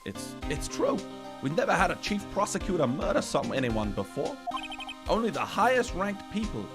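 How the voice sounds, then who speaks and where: A man voicing a gruff, loud male police detective in a video game playthrough who keeps calling people pal, over background music. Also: high voice, very animated, moderate pace. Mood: sheepish. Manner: brash, calls people pal.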